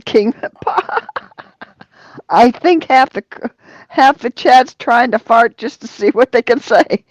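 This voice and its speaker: A woman hosting a casual live stream, reading viewer comments aloud and laughing a lot, with drawn-out exclamations. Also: fairly high pitch, dry recording. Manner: giggly, reads chat comments aloud, often laughing; drawls exclamations like "Oh, Lordy". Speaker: livestream host reading chat.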